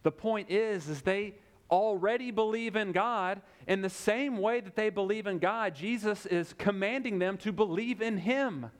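Young male pastor, sermon delivery, a touch high-pitched, emphatic with deliberate pauses. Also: clear, resonant tone. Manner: emphatic, with repeated phrases and dramatic pauses.

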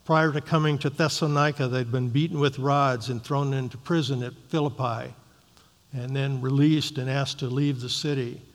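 A man with a gravelly, creaky voice of middling pitch leads a Bible study, reading scripture and then explaining it. He speaks in a measured, explanatory way, often pausing on um and uh, and his voice carries a long reverb like a large hall. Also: steady tone. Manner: measured, explanatory, frequent um and uh fillers. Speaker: Bible teacher.

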